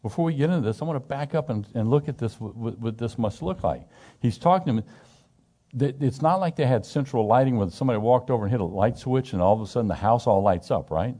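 A man's voice: medium pitch, expressive, fast talker, dark tone. A middle-aged man teaching scripture in a loose, conversational way, emphatic and asking his group questions, often restarting his sentences. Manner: frequent restarts and repetitions. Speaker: Bible study teacher.

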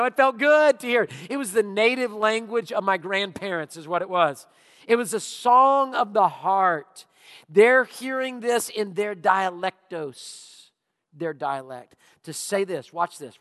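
A male pastor preaching a sermon, telling stories with animated, drawn-out emphasis. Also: high-pitched. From Louisiana. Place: church auditorium. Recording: long reverb of a church hall.

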